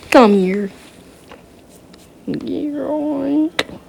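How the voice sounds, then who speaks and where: A woman's voice: medium pitch, unhurried, slight background noise. A woman improvising a playful fan dub over an animation, switching between silly character voices and whispered asides.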